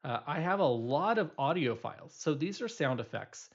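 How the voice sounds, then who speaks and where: A man's voice: a little high, expressive, normal speed, muffled recording. A male instructor giving a recorded programming lecture, explaining loosely with many fillers and restarts.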